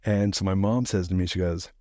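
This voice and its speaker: A middle-aged man telling a profane, animated story as a podcast guest, laughing now and then. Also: low voice, a little fast, dry recording, studio quality. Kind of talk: casual storytelling.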